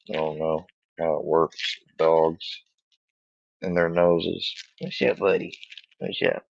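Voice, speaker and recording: A man rambling and cursing as he talks casually to his dog, with halting restarts, on a dull lo-fi recording. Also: deep voice, no room sound.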